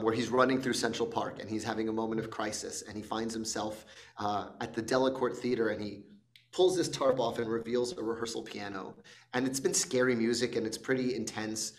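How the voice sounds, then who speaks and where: A man, a film director, answering interview questions in a reflective, thinking-aloud way, with many pauses and laughs. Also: mid-range voice, steady tone. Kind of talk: casual interview chat.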